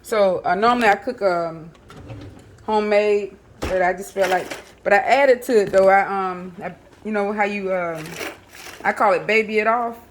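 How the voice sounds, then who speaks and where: A woman's voice: medium pitch, moderate pace, a little hiss or hum. A woman, chatting casually to viewers while she cooks in her home kitchen, with lots of fillers. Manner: chatty, talks to viewers as y'all, many fillers. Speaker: home cooking vlogger. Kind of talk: casual kitchen vlog chat.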